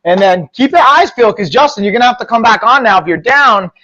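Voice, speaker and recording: A man's voice: high-pitched, lively intonation, quick pace, pushed and bright. A man co-hosting a live stream, talking casually as he wraps up and signs off. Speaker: co-host and coach. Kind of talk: casual stream sign-off chat. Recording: dull lo-fi sound.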